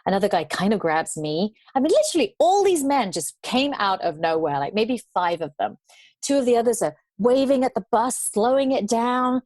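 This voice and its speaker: Animated woman telling a travel story. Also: on the high side, dry recording. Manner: animated storyteller, acts out quoted voices. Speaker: podcast guest, traveler. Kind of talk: storytelling interview.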